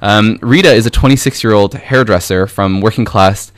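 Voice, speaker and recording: A man's voice: on the low side, normal speed. A young man hosting a casual radio interview, enthusiastic and informal with many fillers. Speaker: radio show host.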